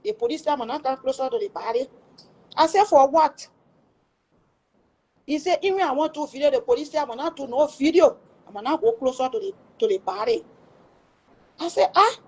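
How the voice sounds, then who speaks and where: A woman's voice: sits high, animated, moderate pace, long pauses, a little mellow, poor audio. A middle-aged woman with a Liberian English accent emotionally recounting a family tragedy, acting out the quoted dialogue with exclamations. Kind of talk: emotional personal storytelling.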